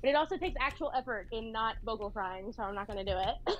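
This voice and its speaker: A young woman with a high, bright-sounding voice talks casually into a desk mic while gaming. Her speech has a noticeable vocal fry and a bubbly valley-girl lilt. She rambles, stringing thoughts together with lots of "like"s. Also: expressive, quick pace, a little hiss or hum. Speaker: streamer.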